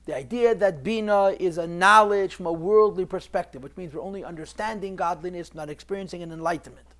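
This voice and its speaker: A man's voice: high-pitched, brisk, fairly bright tone. A man teaching a recorded class on a Chassidic text, explaining step by step, repeating key phrases and mixing Hebrew and Yiddish terms into his English. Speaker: Torah teacher.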